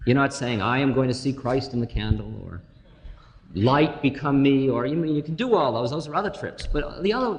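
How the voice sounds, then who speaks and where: A man giving an informal spiritual talk to an audience, telling stories with humor and slow, drawn-out phrases. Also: a little high. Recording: reverberant hall, faint noise.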